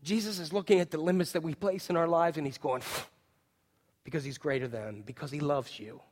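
Male pastor, sermon delivery, dynamic loud-to-hushed, high pitch, long reverb. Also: steady tone, fairly quick. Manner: dynamic preaching, swinging from loud emphatic to hushed.

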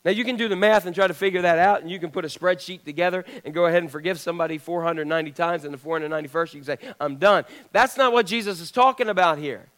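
A man delivers a sermon from the pulpit with a fairly high voice. He talks to his congregation in a conversational, informal way and keeps asking them questions as he preaches. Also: fast, few pauses, a bit bright. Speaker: pastor.

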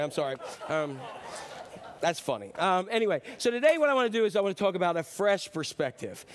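A man preaching a sermon as pastor, telling a joke with lively character voices. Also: a little high. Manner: animated storyteller, voices characters.

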